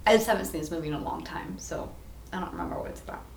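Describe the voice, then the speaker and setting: A woman's voice: lowish voice, animated, racing, gravelly, roomy sound. A young woman guest on a podcast, making brief offhand remarks in casual chat.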